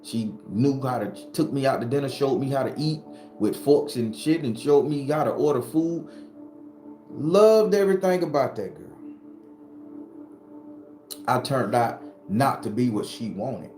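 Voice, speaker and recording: A man's voice: medium pitch, moderate pace, a little mellow. A man, giving a blunt, profane personal testimony to his viewers. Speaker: spiritual video host. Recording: roomy echo with music behind.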